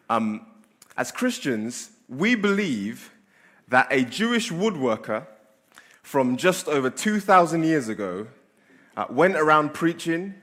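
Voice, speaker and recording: A man's voice: mid-range voice, a bit bright. A man, a pastor, reading scripture aloud and then preaching casually with fillers and restarts. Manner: conversational preaching with fillers and self-corrections. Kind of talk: sermon with scripture reading and prayer.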